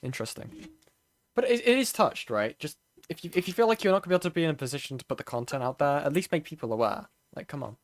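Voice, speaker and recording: A man's voice: on the high side, expressive, fast, no echo. A man co-hosting a casual call conversation, making offhand, wry remarks and swearing now and then.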